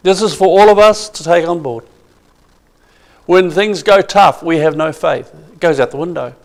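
A man's voice: a little high, moderate pace. A man preaching a sermon with emphasis, asking the congregation questions.

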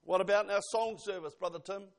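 Earnest older male preacher, gravelly. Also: high voice, fairly even intonation. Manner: earnest, pausing, with rising and falling emphasis. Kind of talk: sermon. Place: church.

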